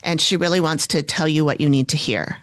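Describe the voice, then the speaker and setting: A woman co-hosting a podcast, telling stories in a casual, expressive way. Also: low-pitched, fairly quick, no room sound. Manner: storytelling, expressive. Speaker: podcast co-host.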